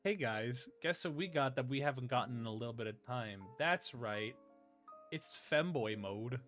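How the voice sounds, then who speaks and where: A man streaming live, chatting in a soft, breathy, put-on high "femboy" voice close to the mic, giggling and reading chat aloud. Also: fairly quick, soft background music.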